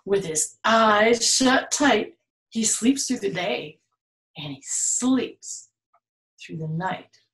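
A woman's voice: mid-range voice, expressive, very slow, a bit bright. A woman reading a picture book aloud to children, in a playful way, with animal sounds and asides to her listeners. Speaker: storytime reader. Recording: roomy echo.

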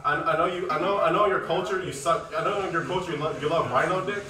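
A man's voice: a little high, quick pace, a crowd in the background. A man live-streaming a game, mocking another player with crude, profane trash talk. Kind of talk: casual live-stream commentary. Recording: roomy echo, distant mic, faint music.

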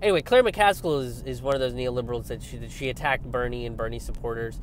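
A young man giving a casual political rant, animated and sarcastic, swearing often and mocking his opponents. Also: medium pitch, fast talker, slight background noise. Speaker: political commentator. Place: outdoors by a road with passing traffic.

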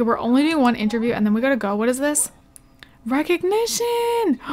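A young woman giving casual let's play commentary as a gaming channel host, excitable and exclaiming often as she talks to her game characters. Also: a little high.

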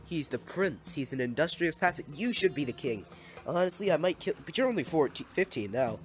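A man's voice: on the high side, animated, fairly quick. A young man giving casual, playful gameplay commentary, exclaiming at and scolding the little villagers in his game.

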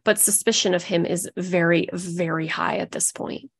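A woman's voice: on the low side, fairly even intonation, moderate pace, creaky, husky. Woman co-host narrating true crime. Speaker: podcast co-host. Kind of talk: casual true-crime storytelling.

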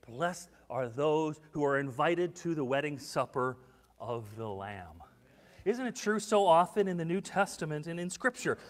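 Pastor guy preaching, kinda high voice, big echoey church hall, goes hushed then loud telling stories. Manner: animated storytelling with acted-out quotes, swings from hushed to loud. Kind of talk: sermon. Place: church sanctuary.

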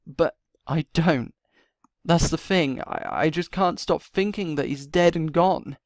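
A man's voice: fairly high pitch, a little slow, creaky, dry recording, clean studio sound. A man voicing a grieving, distraught mother in a game role-play, with tearful, despairing protests.

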